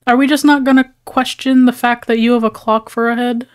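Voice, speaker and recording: A woman chatting her way through a horror game with a wry, joking edge. Her voice sits a little high. Game music plays in the background. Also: steady tone, fairly quick, few pauses. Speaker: gaming streamer. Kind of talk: casual gameplay commentary.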